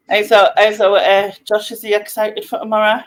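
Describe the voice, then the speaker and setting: A woman hosting a casual video-call chat, chatty and laughing often. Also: mid-range voice. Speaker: host of an online meet-up.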